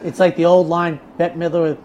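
A man's voice: a little high, fairly quick, dull audio, a little hiss or hum. A man who handicaps horse races, telling stories in casual chat and often repeating words as he starts a thought. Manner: animated storyteller, repeats words when starting. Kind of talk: casual racing talk show chat.

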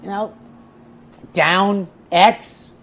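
A high-voiced man talks extremely slowly as he chats casually on a racing talk show. He handicaps horse races and tells his stories animatedly, often repeating words at the start of a thought.

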